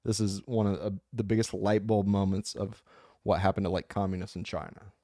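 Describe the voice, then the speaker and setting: Warm and lowish, with a level tone, the man talks briskly in clean studio sound without any echo. He's an audiobook narrator from the United States hosting his own channel, casually discussing a book and reading viewer comments. His delivery is impassioned and jokey, rambling as he gets worked up.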